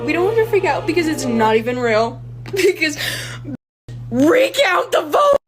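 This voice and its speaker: A woman's voice: high voice, very animated, a little slow, loud music behind the voice. A woman talking frantically and in an exaggerated way in a social media video.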